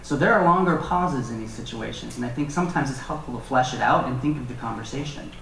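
A man teaching a Bible passage in a relaxed, conversational way with joking asides. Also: medium pitch, fast talker, vocal fry, slight background noise. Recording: echoey room from far off.

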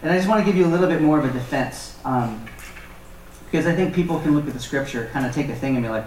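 A man teaching a Bible passage in a relaxed, conversational way with joking asides. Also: fairly high pitch, fast talker, slight background noise. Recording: echoey room from far off.

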